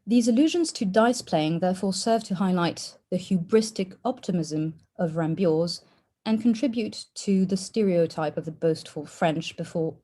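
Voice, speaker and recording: Mellow-voiced woman reading an academic paper. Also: fairly low pitch. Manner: measured, formal delivery with occasional "uh" fillers. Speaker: conference speaker. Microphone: online conference call.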